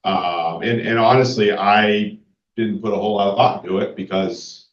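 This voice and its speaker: A man's voice: fairly low pitch, steady tone, moderate pace, slight background noise. A man with a New England accent, a public works official giving a casual, filler-laden report at a town meeting. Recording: roomy, distant, dull community TV audio.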